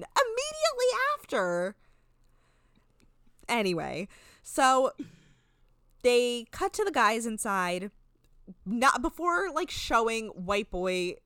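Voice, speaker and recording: A woman recaps a reality show for her co-hosts in loose, sarcastic chat, peppered with swearing and quick asides. Her voice is smooth and clean, and the recording is close and dry with no room sound. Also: medium pitch, a bit bright, no echo. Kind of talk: casual chat.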